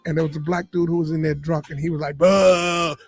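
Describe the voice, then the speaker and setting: High-voiced animated male storyteller. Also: very fast, slightly rough, faint music behind. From Boston area. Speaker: comedian and radio personality guest. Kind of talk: storytelling interview. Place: podcast studio.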